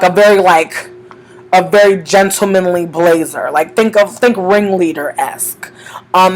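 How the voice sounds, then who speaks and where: A woman's voice: lowish voice, rough recording. A young woman who reads tarot on the street, telling stories in a casual vlog, swearing freely and acting out both sides of each conversation. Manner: profane, animated, acts out both sides of conversations.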